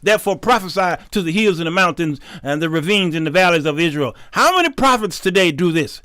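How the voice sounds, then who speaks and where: High-voiced colloquial preaching man. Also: expressive, brisk, pushed and bright, clear, resonant tone, no room sound. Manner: emphatic, colloquial, repeats words. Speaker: talk show host teaching the Bible. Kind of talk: Bible teaching sermon.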